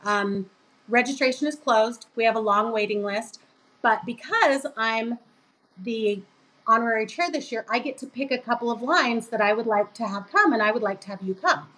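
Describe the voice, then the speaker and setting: A middle-aged woman with a fairly high voice tells a story as a podcast guest. She is animated and lively, and she acts out the people she quotes. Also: moderate pace, poor audio. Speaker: guest, business co-owner.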